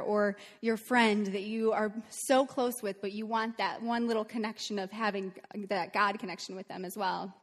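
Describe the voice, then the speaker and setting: A long reverb tail trails this worship leader's medium-pitched voice. In a casual talk to the congregation, she tells a story chattily and earnestly, with many "um"s.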